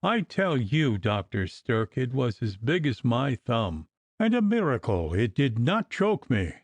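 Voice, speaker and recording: A man voicing a frightened, blustering gentleman who stumbles over his words. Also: mid-range voice, big pitch swings, a little slow, no room sound. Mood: roaring. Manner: blustering, then faltering and fearful.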